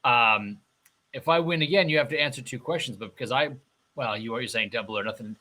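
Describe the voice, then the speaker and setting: Guy playing d&d, sharp bright voice, stop start talking. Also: medium pitch. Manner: halting, many restarts. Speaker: player. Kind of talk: playing a tabletop game.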